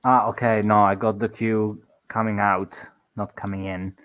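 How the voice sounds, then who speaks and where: A man's voice: lowish voice, level tone, normal speed, fairly bright tone, clean tone. A man playing a tabletop game, speaking hesitantly with many fillers. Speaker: player. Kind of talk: casual game chat.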